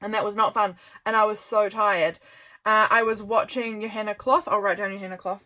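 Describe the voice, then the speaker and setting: A woman's voice: medium pitch, steady tone, brisk, pushed and bright. A woman vlogging casual chat as she flips through her journal, rambling with lots of fillers and sounding tired. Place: home desk by a sunny window.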